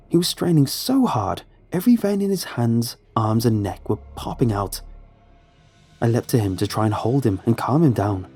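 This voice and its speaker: A man narrating a horror story in a measured, suspenseful way. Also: lowish voice, warm tone, husky. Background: faint music.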